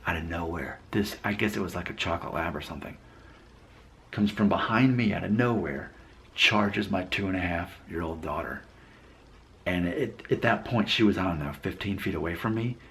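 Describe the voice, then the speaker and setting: A man with a very low voice tells a personal story to his channel. He talks reflectively and rambles, often stopping to correct himself mid-sentence. He grew up in Alabama and has no regional accent. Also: normal speed, fairly bright tone. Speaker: vlogger. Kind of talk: casual storytelling vlog.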